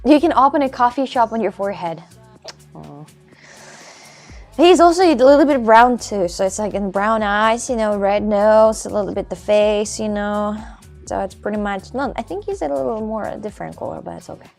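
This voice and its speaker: A woman's voice: medium pitch, lively intonation, moderate pace, creaky, a little mellow, soft background music. A woman with a Russian accent chatting casually on a live stream from home, rambling and often stumbling over and repeating her words.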